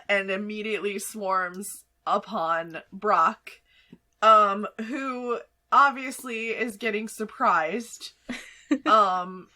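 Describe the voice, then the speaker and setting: A woman narrating as game master for a tabletop game, chatty and quick to laugh. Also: medium pitch, bright, forceful tone. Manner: laughs often, chatty with fillers.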